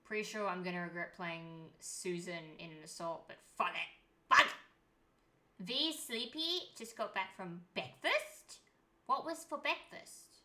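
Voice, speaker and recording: A woman's voice: fairly low pitch, expressive, measured pace, pushed and bright. A young woman streaming a game, chatting in a rambling way and swearing freely. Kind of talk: casual chat while gaming.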